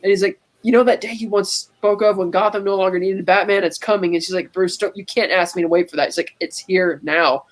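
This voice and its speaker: A woman's voice: mid-range voice, steady tone, fast talker, hardly any pauses. A woman co-hosting a podcast, casually retelling movie scenes and quoting the characters as she goes. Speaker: podcast co-host.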